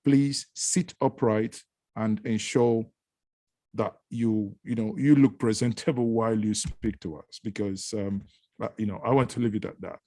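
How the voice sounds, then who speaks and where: A man hosting an online panel discussion over a video call, speaking in a measured, formal way. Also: on the low side, fairly even intonation, dark tone, no room sound. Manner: measured, formal, uses adages. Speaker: host.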